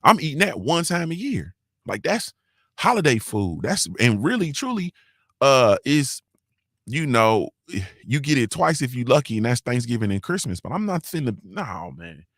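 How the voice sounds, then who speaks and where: A man's voice: mid-range voice, big pitch swings, normal speed, a bit bright, no room sound, studio quality. Laid-back man chatting on a morning show. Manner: loose, slangy and profane, often laughing; keeps checking in with listeners. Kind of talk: casual live-stream chat.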